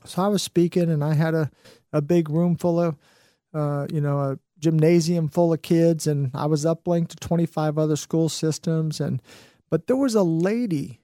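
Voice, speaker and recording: A man's voice: on the high side, fairly even intonation, normal speed, mellow, no room sound, clean studio sound. A middle-aged man hosting a motivational talk, upbeat and encouraging, rambling with lots of fillers. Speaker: host.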